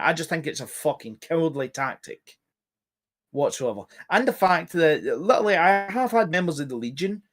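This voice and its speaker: A man talking as a guest in casual podcast chat, swearing often and rambling emphatically. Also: on the high side.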